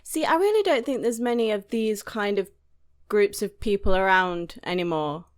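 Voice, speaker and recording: A woman's voice: mid-range voice, lively intonation, normal speed. Sarcastic British woman ranting. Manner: frank, sarcastic ranting with many "like"s. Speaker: host reacting to a movie. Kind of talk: casual reaction commentary.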